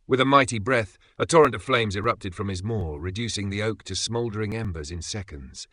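A man narrating a fantasy story in an even, dramatic way. His voice sits fairly low but has a bright, forceful edge. The recording is dry and close, with no room sound. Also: normal speed, few pauses, no echo.

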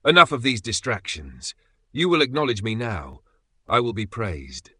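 A man voicing a huge, vain male dragon who booms grand declarations and demands praise. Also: huge pitch swings, moderate pace, sharp tone, slightly rough, no echo, full character voice. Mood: boastful.

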